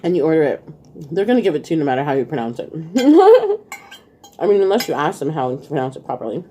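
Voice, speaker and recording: A woman with a low, mellow voice chats casually between bites. She talks to viewers in an easy mukbang style, laughing often. Faint clinks of cutlery and dishes sit behind her. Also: very animated, a little fast, a little hiss or hum. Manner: chatty, eating while talking, laughs often. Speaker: vlog host.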